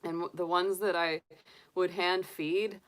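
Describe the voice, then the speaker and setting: Middle-aged woman, lowish voice, slow unhurried chat, soft pet-talk coos. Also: fairly even intonation. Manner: cooing baby talk to a pet rabbit. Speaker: tarot reader and astrologer. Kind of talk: casual livestream chat.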